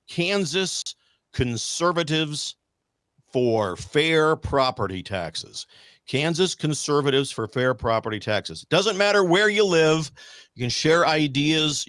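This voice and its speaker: A man's voice: medium pitch, a bit bright, no room sound, studio quality. Rambling talk-show host, man. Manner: rambling, with many fillers and restarts. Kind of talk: casual talk-radio monologue.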